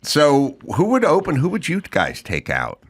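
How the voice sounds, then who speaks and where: A man's voice: on the high side, wildly swooping pitch, normal speed. A man hosting a podcast, chatting and asking a guest questions, with comedian stories of his own. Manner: chatty, brief backchannels. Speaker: podcast host. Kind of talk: casual chat.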